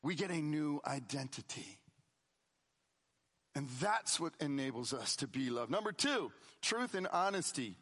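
Man, middle-aged, pastor's sermon, fairly high voice, loud emphasis then quiet asides. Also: sing-song, a little slow. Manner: conversational preaching, shifts between loud emphasis and quiet asides.

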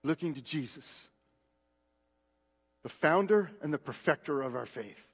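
A man preaches a sermon with a high-pitched voice. He drops to hushed, slow phrases, then builds to loud, stretched-out calls. The sound rings with the long reverb of a large church. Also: animated, husky. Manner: swings from hushed, slow words to loud, drawn-out exhortation.

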